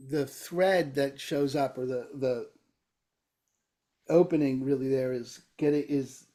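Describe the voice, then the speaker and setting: A man's voice: mid-range voice, slow, warm tone. A man co-hosting a podcast, telling a long parable in casual conversation with emphatic, sometimes swearing delivery. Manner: storytelling, tells a parable at length. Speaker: podcast co-host.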